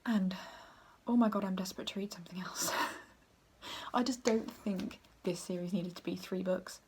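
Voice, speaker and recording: A woman's voice: mid-range voice, normal speed, darkish tone, slight background noise. Brief: southern english woman, 20s, rambling home book vlog, giggly, slips into whispers. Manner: chatty and rambling, laughs often, sometimes drops to a whisper. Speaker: book vlogger. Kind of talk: casual vlog chat. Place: at home, moving between rooms.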